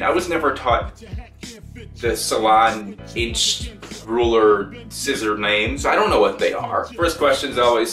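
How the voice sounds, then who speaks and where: Man ranting, swears a lot, exasperated, mid pitch, roomy echo, mic a bit far off, faint music under. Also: normal speed, a bit bright. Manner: profane, exasperated, acts out both sides. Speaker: gaming streamer and video maker. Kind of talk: comedic rant.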